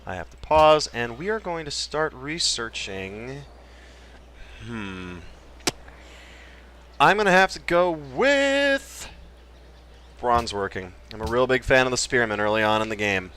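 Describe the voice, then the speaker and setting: Hosting a laid-back Let's Play, a man jokes around and explains his moves, often drifting into mumbled asides. His mid-range voice is fairly bright and moves at a normal speed, with a little hiss or hum in the recording.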